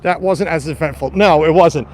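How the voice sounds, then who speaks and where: A man's voice: on the high side, moderate pace, a little mellow, slight background noise. A man live-streaming a walking tour outdoors, chatting to his viewers as he goes. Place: outdoors on a quiet street and mansion grounds. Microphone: phone or camera on a tripod.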